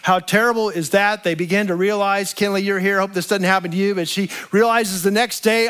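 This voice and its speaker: Pastor, male, high voice, chatty storytelling sermon full of rhetorical questions. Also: moderate pace, few pauses, a bit bright, smooth. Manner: addresses listeners as friends.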